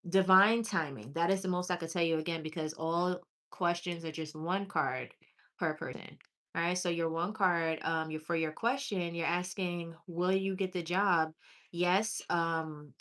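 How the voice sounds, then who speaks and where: A woman's voice: on the low side, a bit bright. Chatty woman reading tarot live. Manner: chatty and affectionate, calls viewers honey and sweetie; reads chat aloud while scrolling, with pauses and restarts. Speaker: tarot reader on a livestream.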